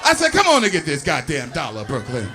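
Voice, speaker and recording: A man doing a loud, crude stand-up routine on a live comedy stage, laughing through his punchlines. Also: fairly high pitch, huge pitch swings, quick pace, music in the background, crowd noise.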